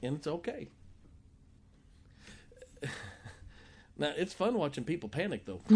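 Animated storytelling man preaching. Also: on the high side, takes it slowly, slightly rough. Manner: animated, jokey storyteller who acts out quotes. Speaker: pastor. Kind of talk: sermon storytelling.

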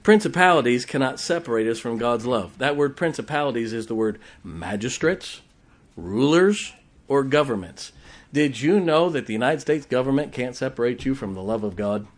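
A man preaching a sermon in a folksy, joking way, with sudden shouted exclamations. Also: mid-range voice, lively intonation, normal speed. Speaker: pastor.

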